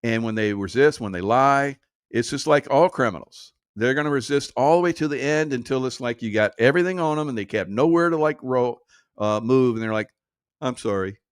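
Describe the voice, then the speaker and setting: A man's voice: medium pitch, fairly quick, clear, resonant tone, dry recording. Sarcastic man commenting in a dry room. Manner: sarcastic, mocking, frequent chuckles. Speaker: political commentary host. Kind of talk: casual political commentary.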